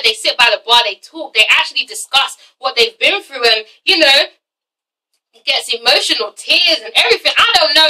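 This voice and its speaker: A woman's voice: sits high, bright, forceful tone, recorded from a distance, rough recording. A woman reviewing a TV drama in a casual vlog, emphatic and profane, who keeps checking in with "okay?". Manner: emphatic, swears often, keeps asking "okay?". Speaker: TV show reviewer.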